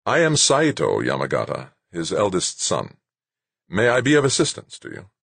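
A gracious young executive who politely stonewalls, as a male reader puts him on. His raised voice stays smooth in manner though husky in tone. The audiobook sound is dry. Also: low voice, huge pitch swings, normal speed, fairly bright tone, no room sound, pitched above the performer's own voice, full character voice.

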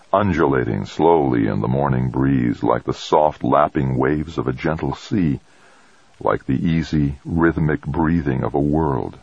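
A man reading a novel aloud in a measured, steady narration. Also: rumbling low, gravelly, husky, no echo, lo-fi sound. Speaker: audiobook narrator.

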